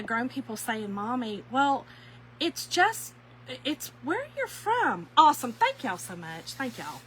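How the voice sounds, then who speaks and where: A woman's voice: a little high, sharp tone, slight background noise, rough recording. A woman with a Southern accent, hosting a craft livestream in casual, teasing chat and laughing often. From US North.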